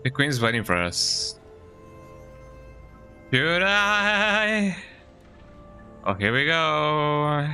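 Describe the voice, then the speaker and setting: Male streamer, casual play-by-play, bright, lively voice, keeps saying "eh?". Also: fairly high pitch, extremely slow, pauses often. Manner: chatty, reacts as he goes, tags lines with "eh?". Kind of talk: casual gameplay commentary. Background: game music.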